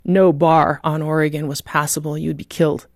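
Woman guest, low voice, dry close sound; vivid, emotional storyteller. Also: level tone, moderate pace, a little mellow, no echo. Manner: vivid, emotional, dramatic retelling. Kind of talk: personal testimony storytelling.

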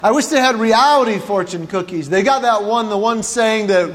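A man's voice: high-pitched, expressive, fairly quick, hardly any pauses. A man performing a stand-up comedy routine, telling stories with quoted dialogue and chuckling at his own jokes. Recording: long hall reverb, faint ambient noise.

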